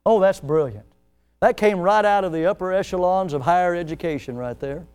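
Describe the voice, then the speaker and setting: A male pastor preaching a sermon, swelling in pitch and volume as he acts out the people he quotes. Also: brisk, darkish tone, clean tone.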